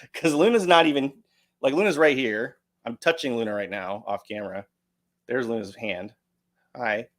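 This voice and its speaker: An American man hosts a livestream, chatting casually and joking around as he reads out donations. His voice is mid-range, and he talks at a normal speed with frequent pauses.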